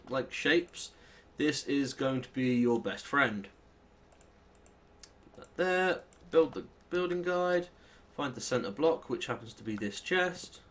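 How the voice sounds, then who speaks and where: A young British man casually commentating his gameplay, rambling and self-deprecating as he thinks out loud. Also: on the high side, slight background noise. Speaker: let's play host.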